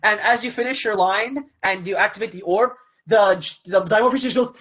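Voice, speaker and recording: A game master running a tabletop role-playing game, animated and often laughing. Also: mid-range voice, brisk.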